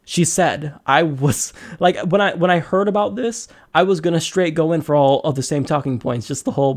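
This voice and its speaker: A man hosting a podcast, giving casual political commentary in an animated, sarcastic way, with quick asides. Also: a little high. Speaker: podcast host.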